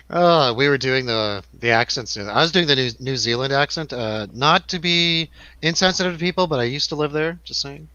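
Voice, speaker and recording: Bright-voiced joking man hosting a film chat. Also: mid-range voice, normal speed, no echo, muffled recording. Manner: laughs often, loose and joking. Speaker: radio show host. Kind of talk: casual chat reviewing a film.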